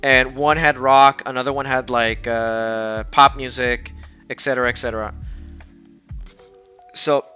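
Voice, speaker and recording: A man's voice: medium pitch, level tone, measured pace, pauses often, smooth. Rambling American man telling a story. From United States. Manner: rambling with many fillers and restarts. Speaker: streamer. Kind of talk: casual storytelling. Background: soft background music.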